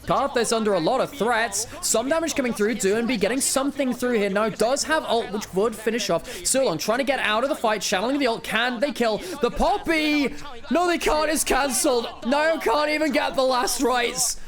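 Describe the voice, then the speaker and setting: A man doing excitable, jokey play-by-play commentary as an esports caster, swinging between shouts and low asides. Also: moderate pace.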